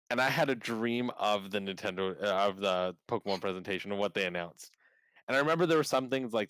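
Guy hosting a podcast, low smooth voice, gets hyped telling stories. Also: dry recording, low-quality recording. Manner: animated storyteller, acts out his own reactions. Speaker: podcast host. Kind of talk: casual podcast chat.

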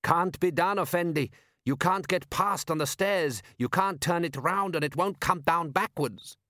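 A man's voice: fairly high pitch, a little slow, a bit bright, dry recording, studio quality, voice pushed up. A man voicing an insistent know-it-all local man in an audiobook.

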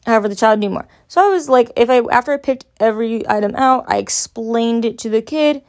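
A woman's voice: a little high, brisk, darkish tone. A young woman telling a casual, rambling story, full of "like" and loose swearing. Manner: rambling, filler-heavy, frequent "like". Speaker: podcast host.

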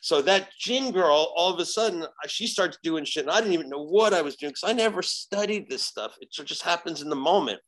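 A man, a shaman guest on a podcast, telling a story in casual chat, animated and profane. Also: fairly high pitch, fairly quick, hardly any pauses. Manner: animated, profane, acts out quoted dialogue.

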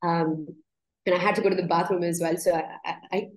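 A yoga teacher guesting on a podcast tells reflective personal stories, often laughing as she restarts her words in an earnest way. Her fairly low voice holds a level tone and runs a little fast, in a reverberant, low-quality recording.

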